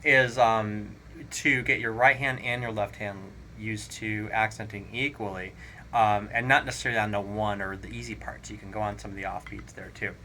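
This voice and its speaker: A man teaching a drum lesson, counting rhythms aloud in a relaxed, explanatory way. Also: fairly low pitch, moderate pace, a little hiss or hum. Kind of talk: casual spoken drum lesson. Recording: drums playing clearly behind the voice. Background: drum kit playing.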